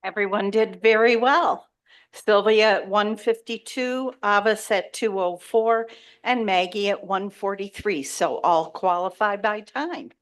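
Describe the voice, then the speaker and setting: A woman reading out speaking times at a club meeting, in a plain reporting tone at a middle pitch. She reads slowly. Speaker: timer. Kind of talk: reading results.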